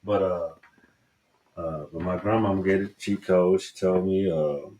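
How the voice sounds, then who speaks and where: A man's voice: low voice, fairly even intonation, unhurried, darkish tone, poor audio. A man with a Southern US accent hosting a podcast, giving a casual book review in a rambling, emphatic way and swearing freely. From Southern United States. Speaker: podcast host.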